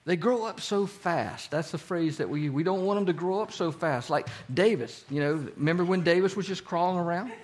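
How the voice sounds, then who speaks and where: A man with a slightly higher voice leads a casual, interactive Bible study. He keeps quizzing his group with fill-in-the-blank questions. His speech quickens whenever he gets excited. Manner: speeds up when excited.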